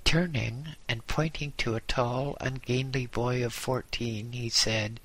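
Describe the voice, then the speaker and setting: An audiobook narrator reads a scripted first-person story, voicing the characters' lines himself. His voice is medium in pitch, steady, and fairly bright, and his storytelling is measured.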